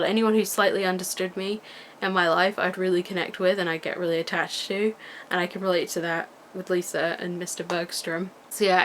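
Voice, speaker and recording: Recorded on a camera mic, a woman with a medium-pitched, slightly bright voice speaks over slight background noise. She's young and vlogging at home, rambling casually and gushing enthusiastically about what she loves.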